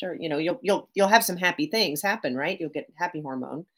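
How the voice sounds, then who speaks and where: A middle-aged woman therapist talks as a guest on a podcast. Her voice sits low, and she speaks in an animated way, restarting phrases and checking in with "right?". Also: quick pace, few pauses. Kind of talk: podcast interview.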